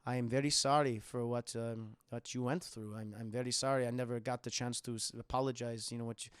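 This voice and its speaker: A man voicing a gentle, polite young foreign man who speaks slowly, carefully and earnestly. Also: mid-range voice, fairly even intonation, clear, resonant tone, no echo, voice pushed down, natural voice.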